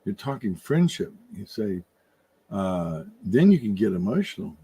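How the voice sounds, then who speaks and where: Halting, low-voiced older man musing aloud. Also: sing-song, mellow, breathy edge. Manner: rambling, halting, many restarts. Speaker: podcast co-host. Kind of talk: reflective casual conversation. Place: room with his wife nearby.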